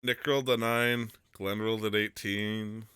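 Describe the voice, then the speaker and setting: A man's voice: fairly low pitch, flat delivery, unhurried, pushed and bright, clear, resonant tone, no room sound. A man from Michigan hosting a podcast, joking around and laughing easily in casual chat. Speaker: podcast host.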